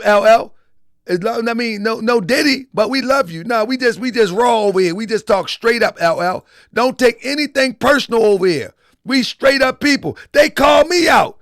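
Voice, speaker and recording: Male live-stream host, high voice, dry sound, chatty, repeats himself, talks to the chat directly. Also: a bit bright, no room sound. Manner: repetitive, talks straight to the chat. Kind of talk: casual live-stream commentary.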